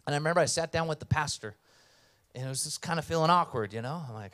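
A man's voice: a little high, quick pace, a bit bright. A man preaching a sermon as pastor, conversational and earnest, telling stories and reading scripture.

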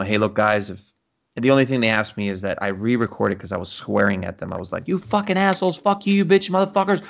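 A man's voice: fairly low pitch, vocal fry, a bit bright, muffled recording. A man hosting a casual podcast, swearing freely and acting out the conversations he retells. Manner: swears freely, acts out quoted exchanges. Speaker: podcast host.

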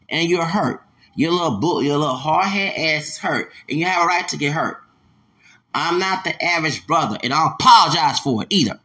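Angry guy ranting on his podcast, cussing a lot, kinda high gravelly voice. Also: expressive, a little fast, a bit bright. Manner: profane, confrontational, repetitive. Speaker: podcast host.

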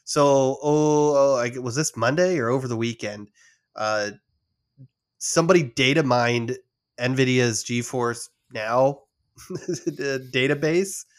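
A man's voice: mid-range voice, takes it slowly. A man hosting a casual gaming podcast, rambling and reading out a list of rumored titles with frequent restarts. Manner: rambling, reads out lists with restarts. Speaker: podcast host. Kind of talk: casual chat about game news.

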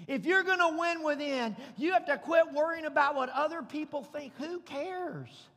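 A male pastor with a strikingly high, bright voice delivers an emphatic sermon with folksy humor. His words carry a long reverb through a church hall. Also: normal speed, few pauses. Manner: preachy and emphatic, folksy humor, rising to shouts. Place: church sanctuary.

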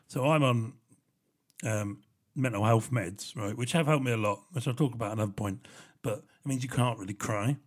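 Casual male vlogger, young adult, rambling animated storyteller who swears a lot. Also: mid-range voice.

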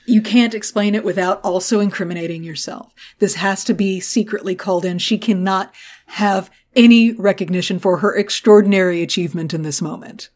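A woman co-hosting a podcast who recaps a TV episode in a casual, animated way, swears freely and acts out the quotes. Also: medium pitch, fairly quick. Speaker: podcast co-host.

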